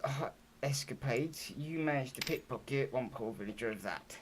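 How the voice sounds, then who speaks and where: A man runs a tabletop game as game master, narrating in a halting way full of fillers. A faint hiss sits under his voice. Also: mid-range voice, lively intonation. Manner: hesitant, filler-heavy narration.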